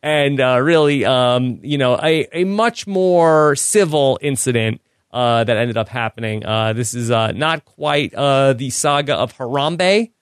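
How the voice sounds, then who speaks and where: A man hosting a podcast, recapping episodes in relaxed casual chat and laughing often. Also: mid-range voice, unhurried, smooth, no echo, clean studio sound. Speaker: podcast host.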